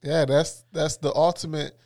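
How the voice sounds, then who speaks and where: Male co-host, casual chat, slightly high gravelly voice, short blunt remarks. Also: flat delivery, normal speed, mellow. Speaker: podcast co-host.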